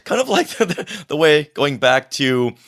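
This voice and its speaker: A man co-hosting a podcast in casual chat, measured and thoughtful. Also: a little high, very animated, fairly bright tone. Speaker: podcast co-host.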